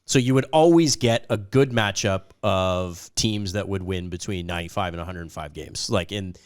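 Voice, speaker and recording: A man co-hosting a casual sports talk show, his voice still a little raspy from an illness, chatty and opinionated. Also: deep voice, normal speed. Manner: chatty, opinionated, jokes at himself. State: lingering raspy voice after an illness. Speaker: co-host.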